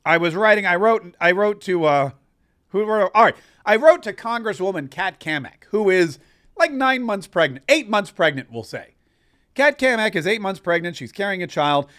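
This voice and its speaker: A man's voice: sits high, very animated, moderate pace, a bit bright. A man hosting a political commentary show, ranting emphatically and with sarcasm. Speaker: host.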